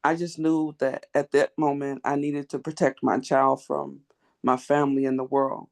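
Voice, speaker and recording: A woman's voice: extremely low pitch, little pitch movement, normal speed, gravelly, a little mellow. A woman in her forties, joining an online group talk over a video call and candidly sharing a personal turning point. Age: 40s. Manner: earnest, candid. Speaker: participant.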